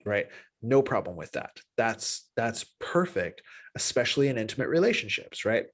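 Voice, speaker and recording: A man of middle pitch gives a spoken lesson on empathy. His talk is loose and full of restarts and "right?" tags. He leaps up in pitch whenever he acts out short exchanges between people. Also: moderate pace. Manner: animated, acts out little dialogues with pitch jumps. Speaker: teacher of an empathy class. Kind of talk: spoken class lecture.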